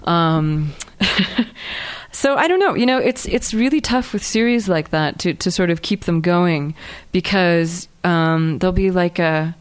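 A woman's voice: fairly low pitch, unhurried, clear, resonant tone. A woman author reading her own fiction aloud, then answering questions in a hesitant, filler-heavy way. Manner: hesitant, many fillers and restarts when speaking freely. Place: live reading event.

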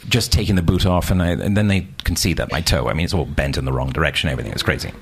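A man telling a funny anecdote in a casual, animated and self-mocking way, acting out the scenes. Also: rumbling low, racing, husky. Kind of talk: casual storytelling.

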